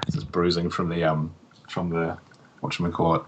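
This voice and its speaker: A man's voice: low voice, monotone, brisk, noisy background. A man with a slightly sick voice chatting casually on a podcast, telling a story with lots of fillers and laughs. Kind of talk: casual chat.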